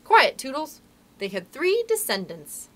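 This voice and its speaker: A woman reading aloud and voicing a motherly young girl who tells a story and gently hushes the children around her. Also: high-pitched, wildly swooping pitch, measured pace, a little hiss or hum, voice pushed up, heavily acted. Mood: hushing. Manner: earnest, gently scolding.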